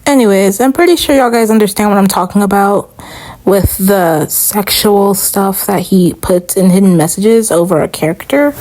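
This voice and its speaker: A woman YouTuber giving a casual commentary rant, chatty and rushed with lots of fillers. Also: mid-range voice, a little mellow.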